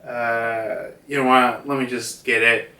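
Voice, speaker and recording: This young manga reviewer rambles through a comic chapter recap at home, heavy on fillers, performing character lines as he goes. His medium-pitched voice is slow, flat, pushed and bright, captured roomy and far off with slight background noise.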